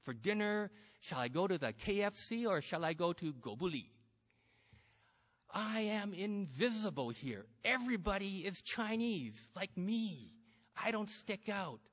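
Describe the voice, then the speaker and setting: A man's voice: high voice, sing-song, unhurried, a bit bright, long reverb tail. A man reading a first-person story aloud with a wry, understated delivery. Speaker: story reader.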